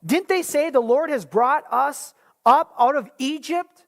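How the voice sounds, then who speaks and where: A speaker voicing a frightened, doubting young man hiding from his enemies, raising the pitch and questioning in disbelief. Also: lively intonation, measured pace, fairly bright tone, full character voice. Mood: incredulous. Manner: incredulous, exasperated questioning.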